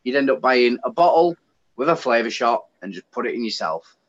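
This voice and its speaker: A man's voice: mid-range voice, brisk. A man with an English accent, chatting casually as a guest and ranting with feeling. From United Kingdom. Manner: animated, ranting. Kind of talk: casual chat. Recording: dull lo-fi sound.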